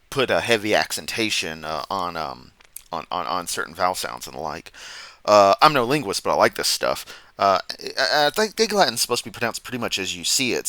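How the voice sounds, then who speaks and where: A man's voice: on the low side, sharp tone, dry recording. A man doing casual reaction commentary, rambling off on tangents and laughing at his own jokes, sounding sleepy. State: sleepy, yawning.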